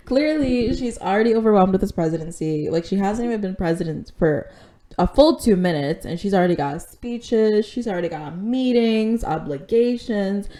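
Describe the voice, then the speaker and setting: A woman's voice: lowish voice, moderate pace, dark tone. A woman hosting a podcast in casual chat, candid and chatty, with plenty of "like" and "um" and the odd casual swear. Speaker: podcast host recapping an episode.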